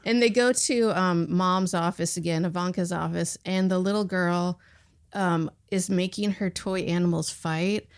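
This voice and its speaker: A woman's voice: lowish voice, steady tone, unhurried, clean tone. A woman hosting a podcast in casual chat, trading laughs and side stories with her guest. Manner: chatty, laughing, quoting people in asides. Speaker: podcast host.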